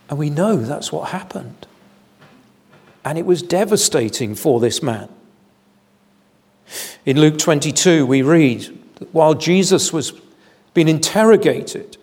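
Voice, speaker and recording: A man preaching an evening sermon in a church, measured and deliberate, with solemn emphasis. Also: a little high, animated, darkish tone, slightly rough. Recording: long hall reverb.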